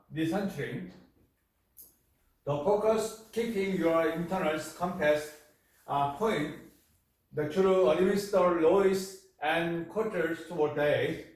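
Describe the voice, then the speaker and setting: A man gives a class lecture, speaking slowly in halting, repetitive phrases. His voice sits a little high for a man. The sound is very echoey, picked up from a mic well away from him. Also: a little mellow. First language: Korean. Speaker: university lecturer. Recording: echoey room, mic far off.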